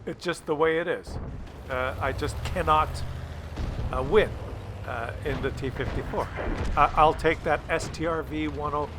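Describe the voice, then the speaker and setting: Excitable man hosting gameplay commentary. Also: a little high, measured pace, noisy background. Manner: excitable, rambling and jokey. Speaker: gaming video host.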